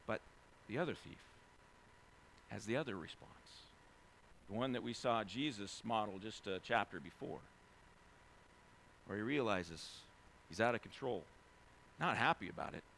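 Bright-voiced preacher man. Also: expressive, a little slow, creaky, pauses often, slight background noise. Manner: swings from quiet scripture reading to loud, high-pitched preaching. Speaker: pastor. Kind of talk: sermon.

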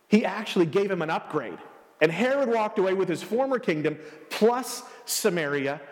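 A male pastor delivers a sermon, retelling history with animated, joking storytelling. His voice sits high, and a long hall reverb trails after each line.

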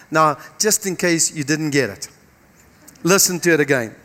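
A man in his late fifties, whose first language is Dutch, preaches a sermon in a high, bright voice. He repeats his key phrases for emphasis and teases his listeners. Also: lively intonation, normal speed. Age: 50s. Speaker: pastor.

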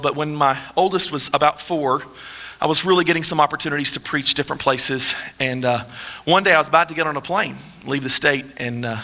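A man's voice: fairly high pitch, pushed and bright. A man, preaching a sermon in a casual, joking way and asking the audience rhetorical questions. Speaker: pastor. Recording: long hall reverb.

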